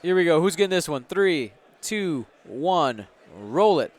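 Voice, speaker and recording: A man with a fairly high voice and big pitch swings speaks at a measured pace as host of a game tournament livestream. He's upbeat and chatty, commentating, hyping the chat and running giveaways for viewers.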